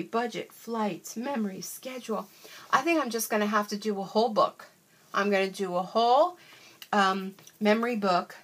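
Older woman, grandmother, breathy, mid-pitched voice, excitable, gushing, casual unboxing chat. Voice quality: wears bifocals. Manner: gushing, excitable, lots of gasps and oohs. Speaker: crafting vlogger.

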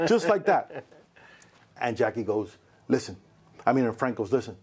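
A man hosting a casual podcast interview, telling a story with lively quoted voices. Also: medium pitch, normal speed, long pauses, breathy edge. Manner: bald. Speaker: podcast host.

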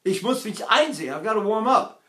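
A man's voice: sits high, animated, fairly quick, a bit bright. Older man teaching voice, echoey room. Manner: rambling, digressive explanations with sung demonstrations. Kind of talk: vocal technique lesson.

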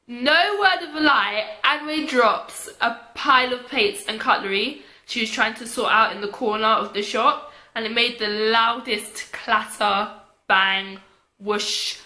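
A woman's voice: a little high, pushed and bright, echoey room. A young woman chatting casually, with lots of fillers, telling a story to camera. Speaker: vlogger.

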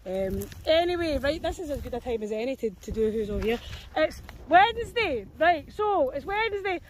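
A woman's voice: high-pitched, very animated, normal speed, a little hiss or hum. A young Scottish woman chatting casually on a dog walk outdoors, scattered and self-mocking, with the odd swear. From Scotland. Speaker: dog walker vlogger. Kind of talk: casual chat.

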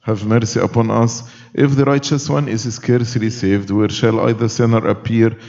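A man reciting liturgical prayers in a solemn, measured manner, as clergy leading a church service. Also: fairly low pitch, fairly even intonation, darkish tone. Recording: dull recording with long church reverb.

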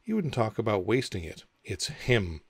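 A man with a gravelly voice voicing a rude, whimsical mad hatter in an audiobook, speaking in a pompous, contemptuous, theatrical way. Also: lowish voice, sing-song, moderate pace, no room sound, full character voice.

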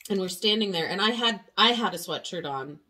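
A woman's voice: fairly low pitch, animated, brisk, pushed and bright. A woman in her thirties from Southern Oregon, telling a story in casual chat and laughing often. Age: 30s. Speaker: guest telling a travel story.

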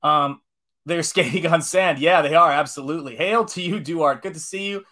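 A man's voice: a little high, moderate pace, pushed and bright. A man in his forties, an artist chatting casually on a live stream while painting, enthusiastic and rambling as he greets viewers. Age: 40s.

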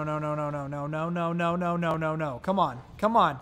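A man streaming live gameplay, reading out game text and reacting excitably to each summon, pleading and groaning at bad luck. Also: on the high side, brisk, few pauses, faint music behind. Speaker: gaming streamer.

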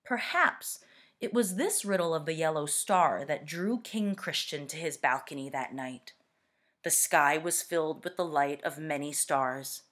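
Slow, low-voiced woman reading aloud. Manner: slow, expressive, deliberate. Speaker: teacher reading to students. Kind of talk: reading a picture book aloud.

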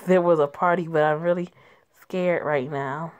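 A woman's voice: deep voice, steady tone, moderate pace, clean tone, dull audio, natural voice. A woman playing a frightened young woman. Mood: scared. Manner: pleading, anxious.

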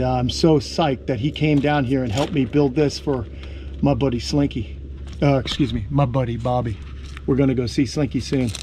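A man's voice: mid-range voice, a little mellow, slight background noise. Enthusiastic New York man feeding lizards. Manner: enthusiastic, talks to the lizards like pets. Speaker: reptile keeper and channel host. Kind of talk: casual outdoor vlog narration while feeding animals.

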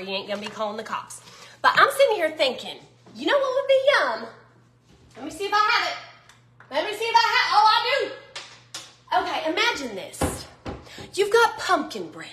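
A high, lively-voiced woman with a Southern US drawl talks her audience through a recipe in a casual cooking vlog. Her tone is bright and folksy, full of self-teasing asides. The sound carries the echo of a home kitchen. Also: a little hiss or hum.

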